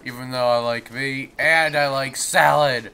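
A man from the United States rambling goofily through let's play commentary, his voice going hoarse. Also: medium pitch, steady tone, unhurried, bright, forceful tone. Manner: rambling, goofy, talks to the game. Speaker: gameplay commentator.

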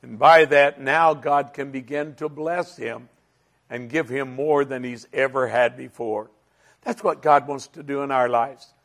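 A man teaching a Bible lesson as a sermon, earnest and measured, his voice dropping to a hush and then rising to fervent emphasis. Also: mid-range voice, fairly even intonation, vocal fry. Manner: slow, earnest, swells from hushed to fervent.

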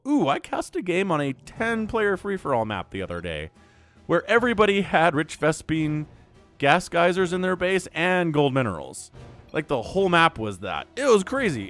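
A young man casting a strategy game match, excitable and rambling, laughing and shouting at big plays. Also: on the high side. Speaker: game caster. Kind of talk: esports commentary.

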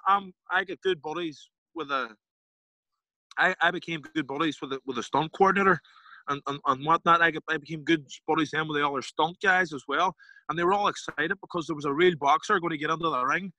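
A man with a Derry Northern Irish accent, a podcast guest telling stories in a casual, animated way, acting out other people's lines and swearing freely. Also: on the high side, no room sound, poor audio. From Northern Ireland. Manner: animated, acts out quoted voices, swears casually. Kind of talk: casual storytelling interview.

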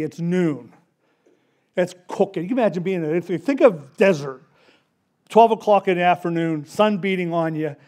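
A man preaching a casual, story-driven sermon, acting out the characters in quick voices. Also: sits high, warm tone. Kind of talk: conversational sermon.

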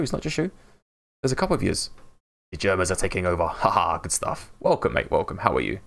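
Streaming a game from England, this man talks fast in a low, creaky, slightly bright voice. He's expressive and cheerful, greeting viewers by name and frequently laughing during the casual chat.

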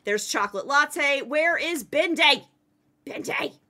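A woman streaming a game live, chatting playfully with viewers and teammates, excitable and given to yelling. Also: high voice, slow pace. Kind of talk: casual live-stream chat while playing.

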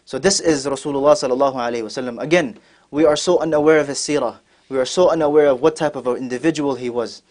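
Fast, animated man telling a sermon story. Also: medium pitch. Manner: acts out characters' lines, mixing in Arabic quotes. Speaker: scholar giving a talk.

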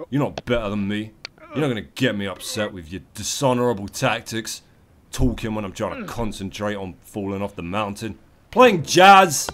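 A man doing comedic let's play commentary, profane and theatrical, yelling at the game and its maker. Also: mid-range voice, a little hiss or hum.

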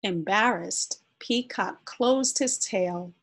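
A woman reads a children's picture book aloud, gentle and expressive. Her pace is slow and her voice has a soft, breathy quality. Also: mid-range voice. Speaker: storyteller.

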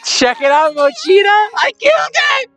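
A woman voicing a frenzied teenage girl, shrill and shouting in manic triumph. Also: sing-song, moderate pace, faint music behind, heavily acted. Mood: manic glee.

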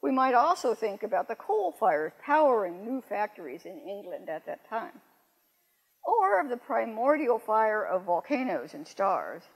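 An older woman poet giving a lecture, reading verse slowly and adding wry, self-correcting asides. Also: mid-range voice, big pitch swings, slightly rough. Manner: measured, slows down to read verse aloud. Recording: long reverb in a hall.

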